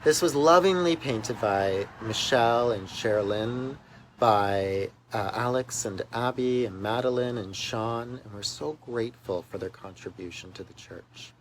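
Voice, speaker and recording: A man's voice: medium pitch, a little hiss or hum, low-quality recording. A man, a minister, telling a personal story in a church video message, recorded outdoors beside a church walkway. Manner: earnest storytelling, emphatic in places.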